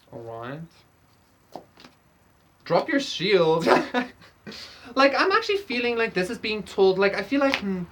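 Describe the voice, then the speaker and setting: A woman's voice: mid-range voice, fairly bright tone. A woman giving a casual pick-a-card tarot reading, rambling with lots of fillers and swearing freely. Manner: rambling, profane, lots of fillers, laughs often. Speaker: tarot reader.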